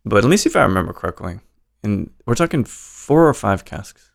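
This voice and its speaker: A man's voice: fairly low pitch, sing-song, fairly quick, creaky. A man hosting a casual conversation, loose and enthusiastic, cutting himself off mid-sentence and cursing freely. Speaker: podcast host.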